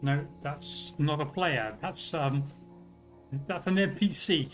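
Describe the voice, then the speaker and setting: A man's voice: fairly high pitch, slow, fairly bright tone, soft background music, rough recording. A man with a British accent, chatting casually and joking with his viewers while streaming a game. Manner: rambling, joking with chat. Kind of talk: casual live-stream chat.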